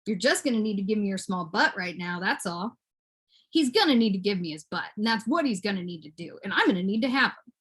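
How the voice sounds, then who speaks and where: A woman giving a performed poetry reading, swinging between high cooing baby talk and low muttered asides. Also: sing-song, fairly quick, a bit bright, slightly rough. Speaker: poet reading her work. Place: at home for an online book launch.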